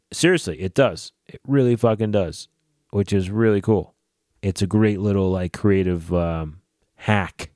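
A man hosting a casual solo podcast, swearing freely and ranting in a lively way. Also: lowish voice, dry recording, studio quality. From New Jersey / New York area. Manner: profane, animated ranting. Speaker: podcast host.

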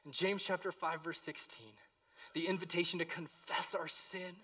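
A man preaching a sermon as pastor, impassioned, moving between hushed pleading and loud emphasis. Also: sits high, steady tone, normal speed, far from the mic.

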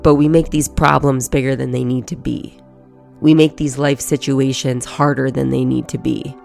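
Gravelly-voiced casual motivational talker. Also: mid-range voice, little pitch movement, normal speed, darkish tone, faint music behind. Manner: casual and profane, acts out inner thoughts.

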